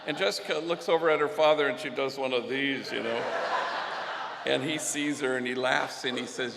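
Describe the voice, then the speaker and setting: A man giving an unhurried, reflective storytelling speech at a luncheon, dropping in Spanish slang. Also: medium pitch, steady tone, gravelly, background noise. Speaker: guest speaker at a luncheon. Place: event hall. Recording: echoey hall with long reverb.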